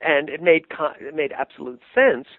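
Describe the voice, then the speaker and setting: An older man, a puppeteer, telling animated anecdotes in an interview and laughing easily. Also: fairly high pitch, normal speed, dry recording. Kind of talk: interview storytelling. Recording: tinny phone-line sound, dry.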